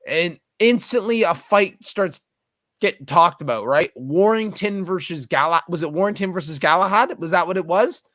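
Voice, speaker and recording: A drunk man hosting a rowdy casual chat, swearing a lot and telling stories with excitement. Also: sits high, moderate pace, no echo, clean studio sound. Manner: excited, swearing, retells stories with put-on shouts. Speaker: podcast host.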